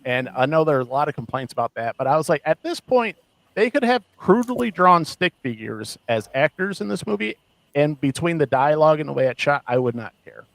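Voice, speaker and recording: A man co-hosting a podcast in casual chat, animated and laughing often as he mocks what he quotes. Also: on the high side, fairly quick, creaky, no echo, poor audio. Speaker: podcast co-host.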